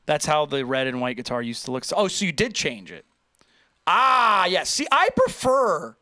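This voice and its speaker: Lively, animated male streamer. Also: fairly high pitch, normal speed, no room sound, studio quality. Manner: chatty, animated, reads chat aloud and jokes. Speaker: livestream host reacting to viewer posts. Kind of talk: casual livestream chat.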